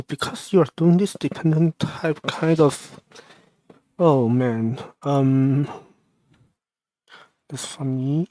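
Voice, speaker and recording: Livestreaming as he codes, a man with a slightly high, dark-toned voice thinks out loud, mumbling and halting while second-guessing himself along the way.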